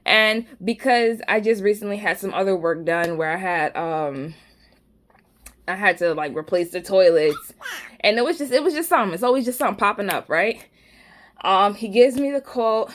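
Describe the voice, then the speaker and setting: A woman with a New York accent chats casually to the camera. Her speech is loose and slangy, full of asides and jokes, at a mid-range pitch. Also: expressive, moderate pace. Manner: rambling, conversational, slangy and joking. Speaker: vlogger. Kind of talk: casual storytelling chat.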